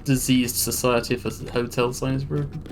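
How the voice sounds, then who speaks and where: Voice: medium pitch, flat delivery, brisk, vocal fry, music in the background. A streamer casually commenting while playing a video game, swearing now and then. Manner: casual, swears, laid-back.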